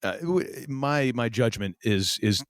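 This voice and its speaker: A man's voice: mid-range voice, lively intonation, takes it slowly, a bit bright, smooth, no room sound, clean studio sound. A man co-hosting a podcast in casual chat, rambling with many fillers and restarts. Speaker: podcast co-host.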